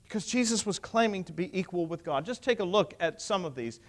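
A man's voice: sits high, lively intonation, brisk. A man preaching a sermon, emphatic and asking his listeners rhetorical questions.

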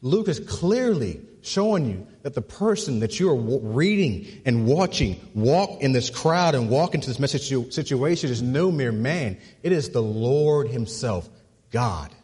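A male pastor preaching a sermon, repeating words as he builds to a point and dropping low and soft on key phrases. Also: lively intonation, a little slow. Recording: husky voice with long hall reverb.

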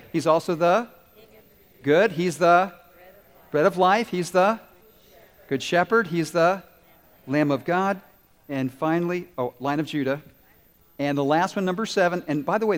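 A man preaching a lively children's sermon who asks the kids questions and answers them himself. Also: a little high. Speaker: pastor. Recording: long reverb in a large hall.

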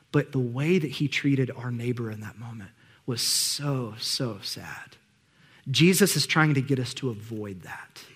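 A man's voice: on the high side, fairly bright tone. Man preaching in an echoing hall. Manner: conversational storytelling with emphatic rises. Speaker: pastor. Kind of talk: sermon.

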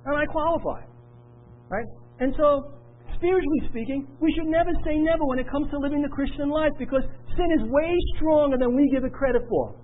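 A man's voice: extremely high pitch, a little fast, phone-quality sound, a little hiss or hum. A middle-aged man preaching a sermon with earnest, repetitive emphasis. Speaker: pastor.

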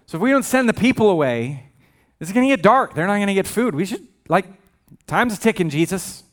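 A man's voice: high voice, animated, a little fast, a bit bright, pitched above the performer's own voice. A pastor voicing an anxious male disciple who hurries and stammers as he frets.

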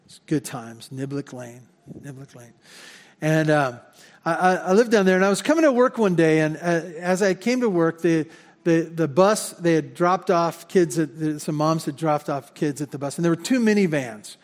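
A man's voice: fairly high pitch, normal speed. A man preaching a sermon as pastor in a church, talking in a conversational way and often repeating words as he corrects himself. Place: church sanctuary. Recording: long hall reverb.

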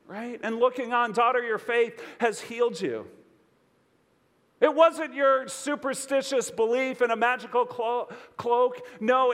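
A man preaching a sermon as pastor, expressive and conversational, asking his listeners questions. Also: extremely high pitch, long reverb tail.

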